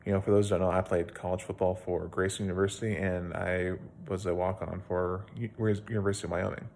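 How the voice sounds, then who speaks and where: Gravelly low-voiced man telling a Bible story. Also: flat delivery, fast, a little mellow, a little hiss or hum. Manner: plain-spoken, rambling storyteller with fillers and restarts. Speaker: video blogger retelling a Bible story. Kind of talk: casual Bible talk.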